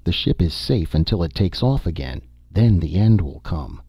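A man reading a science fiction audiobook, voicing a tense, bitter young woman explorer with a sharp, irritable delivery. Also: low-pitched, big pitch swings, normal speed, slightly rough, dry recording, clean studio sound, heavily acted. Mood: grim.

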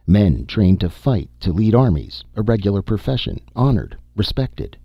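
A man reading an audiobook, voicing a steady, grim male expedition leader with a firm, commanding delivery. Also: fairly low pitch, moderate pace, dry recording, highs cut off. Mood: grave.

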